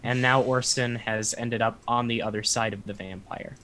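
A young man running a tabletop game as dungeon master, calmly narrating and answering rules questions. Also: mid-range voice, moderate pace, a little hiss or hum. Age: young adult.

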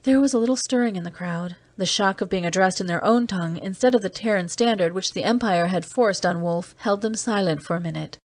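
A woman reading an audiobook aloud as a weary, seasoned man, in steady, measured narration. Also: mid-range voice, dry recording, natural voice. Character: weary man, seasoned off-world agent, terse. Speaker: audiobook reader. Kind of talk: scripted narration.

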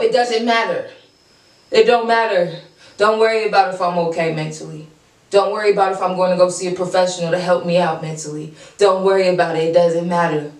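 A woman hosting a casual reaction show, gushing and excitable, repeating herself as she praises the freestyles. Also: on the low side, fairly quick, roomy sound, far from the mic, rough recording.

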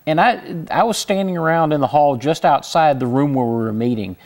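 A man's voice: fairly high pitch, fairly quick, a little mellow. A man from Houston with a slight Southern twang, a guest telling stories in a casual interview, chuckling between restarts. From Houston, Texas. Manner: chatty storyteller, frequent restarts, chuckling asides.

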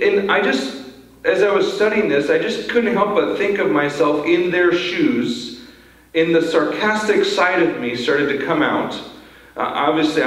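A man's voice: on the high side, a bit bright. Man preaching in an echoey church. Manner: earnest, repeats words when starting sentences. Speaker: pastor. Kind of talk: sermon. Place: church sanctuary. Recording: very echoey church hall, mic from far off.

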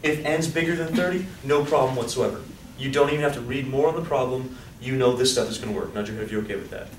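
A male statistics teacher lecturing a class in an animated, joking way, often asking students questions. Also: medium pitch, fast, far from the mic. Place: lecture hall. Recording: echoey hall, voice off-mic, faint hiss.

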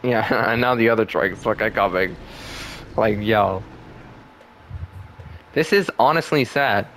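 Young male gaming host, lowish voice, loose profane trash talk with lots of laughing, faint hiss behind. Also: measured pace, a bit bright. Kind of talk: casual gameplay commentary.

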